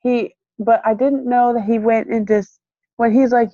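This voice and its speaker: A woman's voice: on the high side, moderate pace, no room sound. A woman telling a story in casual chat, laughing often and acting out the quotes of the people in it. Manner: animated, laughing, acts out quotes. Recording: muffled lo-fi, dry.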